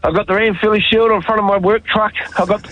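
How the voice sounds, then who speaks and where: A man with a New Zealand accent calling a radio show from his truck, emotional and in shock, halting and repeating himself. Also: high-pitched, steady tone, no echo. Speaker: radio caller, retired mascot performer. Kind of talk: emotional phone call. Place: in a work truck. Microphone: phone. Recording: dull phone line.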